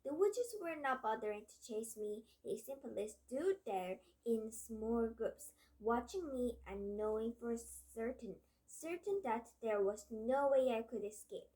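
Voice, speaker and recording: A woman's voice: a little high, unhurried, few pauses, mellow. A woman reading a children's novel aloud in an earnest tone, with small stumbles and restarts. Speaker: reader. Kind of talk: storybook read-aloud.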